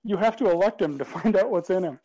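A man's voice: sits high, fast, dark tone, no echo, lo-fi sound. A man teasing and cracking sarcastic jokes in casual podcast chat. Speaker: podcast guest.

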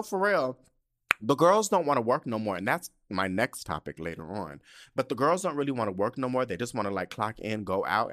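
Profane, ranting man on a podcast. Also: mid-range voice. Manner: profane, animated storytelling with exasperated asides. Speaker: podcast host. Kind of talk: casual solo podcast rant.

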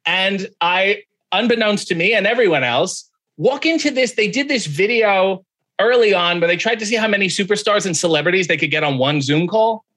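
Speaking at a moderate pace in a high-pitched voice, this podcast guest chats casually through a story. He's animated, acting out the voices of the people he quotes.

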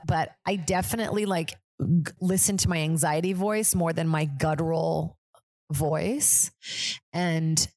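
Young comedian lady rambling on her podcast, kinda low voice, super dry close mic. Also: darkish tone, no room sound. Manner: chatty, rambling, self-deprecating. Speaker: podcast host, stand-up comedian. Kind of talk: casual chat.

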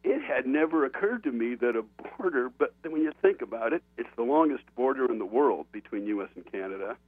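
A man's voice: mid-range voice, fast, breathy edge, no room sound. Man telling a story over a tinny phone line. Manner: animated conversational storyteller. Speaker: author and guest. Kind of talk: casual anecdote telling.

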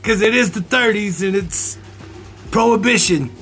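A man with a high voice banters on a casual comedy podcast, laughing through his own jokes and sliding into silly bits. Music plays clearly underneath the conversation. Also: moderate pace, fairly bright tone. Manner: jokey, laughs often, slips into goofy bits. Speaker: podcast co-host.

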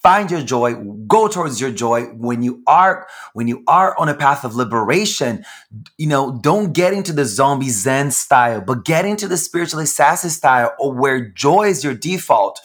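A man hosting his podcast in a raspy voice, talking in a sassy, exuberant way and calling his listeners honey. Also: medium pitch, animated, normal speed, fairly bright tone. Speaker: podcast host. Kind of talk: casual chat.

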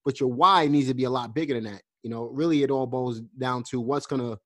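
A man's voice: medium pitch, steady tone, quick pace, a bit bright. A man hosting a podcast, talking earnestly and encouragingly, with frequent fillers and restarts. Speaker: podcast host. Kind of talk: casual podcast interview.

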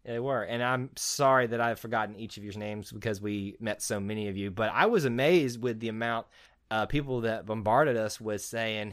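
A man's voice: on the low side, moderate pace, no echo, studio quality. A man hosting a casual sports podcast, joking, rambling and laughing easily. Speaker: podcast host.

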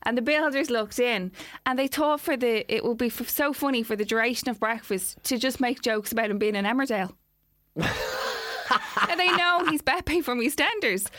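A woman's voice: a little high, normal speed, fairly bright tone, no room sound, studio quality. An Irish woman in casual chat, telling chatty anecdotes. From Ireland.

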